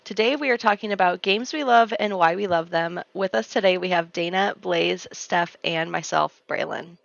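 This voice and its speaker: A woman's voice: on the low side, moderate pace, gravelly, no echo. A woman in her thirties hosting a casual podcast chat, laughing often and asking curious questions. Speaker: podcast host. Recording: dull lo-fi dry sound.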